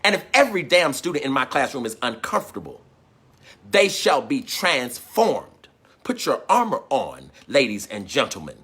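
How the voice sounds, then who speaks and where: A fiery man preaching with a husky, breathy edge to his voice. His pitch swoops widely as he pounds out refrains and calls for answers. He sits a bit high for a man and his tone is sharp and forceful. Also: big pitch swings, moderate pace. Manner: call-and-response, repeated refrains, swings into shouting. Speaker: teacher and preacher. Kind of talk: impassioned sermon.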